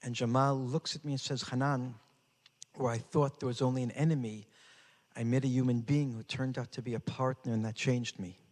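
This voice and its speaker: A man's voice: medium pitch, fairly even intonation, a little fast, darkish tone. An older man giving a talk, telling a personal story with dramatic, rising intensity. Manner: dramatic, builds to raised intensity. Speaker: speaker. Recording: hall with long reverb.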